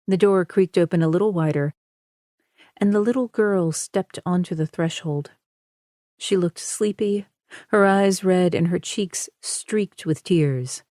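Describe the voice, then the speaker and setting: A woman narrates an audiobook with a low, slow and measured voice. Her tone is dark and mellow, and the dry studio sound has no room echo. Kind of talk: scripted narration.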